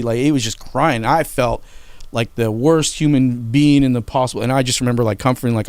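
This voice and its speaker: Middle-aged male podcast host, smooth voice, dry close mic, candid and emotional storyteller who swears. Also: mid-range voice, brisk, no room sound. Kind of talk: casual storytelling.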